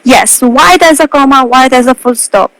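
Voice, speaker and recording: A woman in her twenties, a pageant titleholder, giving earnest tips over a live video call. She leans on key words and slows down to make a point. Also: high-pitched, crowd noise, low-quality recording. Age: 20s.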